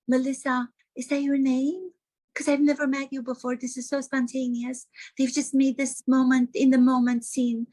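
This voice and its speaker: A woman sends up a gushing actress who claims everything is spontaneous. The voice runs high, breathy and sugary, full of theatrical gasps and wide-eyed surprise. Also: dark tone. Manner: breathy, gasping, over-sweet and theatrical. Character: gushing fake-innocent actress giving a TV interview.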